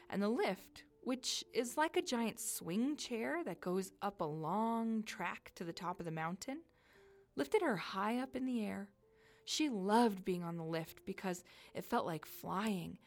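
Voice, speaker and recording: A woman reading a children's story she wrote herself, telling it expressively with dramatic pauses. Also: mid-range voice.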